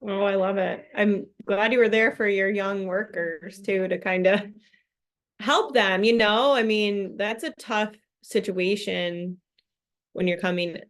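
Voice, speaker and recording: A woman's voice: medium pitch, steady tone, measured pace. A woman hosting a casual book club chat over a video call, talking animatedly, laughing often and acting out quoted voices.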